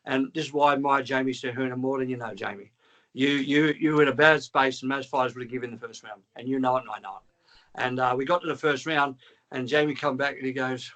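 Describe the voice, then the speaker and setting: A man's voice: medium pitch, fast. A man, a former trainer calling in, telling a long story with lots of swearing and acted-out dialogue. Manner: animated, swearing, acts out dialogue. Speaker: former trainer, guest caller. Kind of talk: storytelling on a call.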